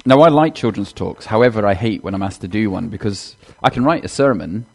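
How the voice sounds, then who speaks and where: A minister preaching to his congregation in a church, chatty and direct. His pitch swings widely as he talks, rising and falling with each point. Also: lively intonation, a little fast, creaky. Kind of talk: sermon with children's talk.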